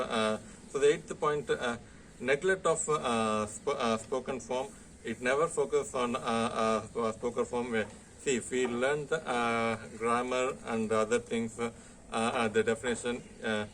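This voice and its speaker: A man's voice: medium pitch, fairly bright tone, a little hiss or hum. A man with an Indian English accent giving a college lecture, hesitant and full of "uh" fillers and repeated "okay". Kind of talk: classroom lecture.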